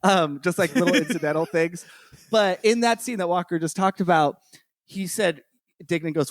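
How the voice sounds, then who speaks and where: A man with a noticeably high voice joins in casual podcast talk about a film. The recording is dry and close, with no room sound. He backs up his co-host with quick affirmations and easy laughs. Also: no room sound. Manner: frequent affirmations, laughs along.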